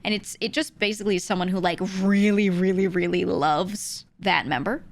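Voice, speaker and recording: A woman's voice: lowish voice, fairly even intonation, moderate pace. A young adult woman streaming, chatting casually and playfully with her viewers and laughing often. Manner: playful, giggly, talks with chat. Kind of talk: casual live-stream chat.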